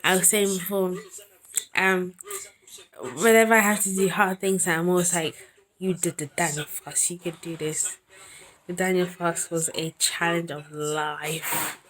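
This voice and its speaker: A young woman speaking in a somewhat low voice, recording a casual video diary at home. She talks to herself with earnest, anxious sincerity, her words often sinking into a soft near-whisper. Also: steady tone, a little slow. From England. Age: young adult. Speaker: university student vlogger. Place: at home indoors.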